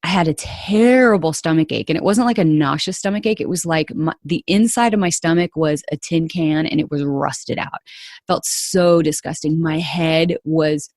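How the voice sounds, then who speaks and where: A woman's voice: low voice, moderate pace, darkish tone, no echo, clean studio sound. A woman hosting a podcast, telling a personal story in an earnest, confiding way and speaking straight to her listeners. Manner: earnest and confiding, addresses listeners as "you guys". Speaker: podcast host.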